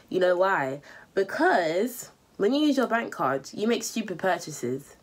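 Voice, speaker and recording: A woman's voice: mid-range voice, sing-song, moderate pace, breathy edge. A young woman, bluntly scolding viewers with money advice in a vlog. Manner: blunt, scolding, repetitive, slangy. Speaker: vlogger.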